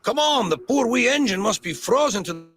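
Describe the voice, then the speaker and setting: A man voicing two young male tank engines with a Scottish accent, brisk and chirpy. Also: very high voice, lively intonation, a bit bright, voice pushed up. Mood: eager. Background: music.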